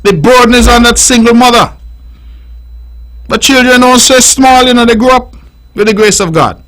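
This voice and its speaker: Man, Nevisian accent, radio host, high bright forceful voice, preaching and repetitive. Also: normal speed, poor audio. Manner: emphatic, repetitive, preaching delivery. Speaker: radio talk show host. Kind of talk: radio call-in commentary.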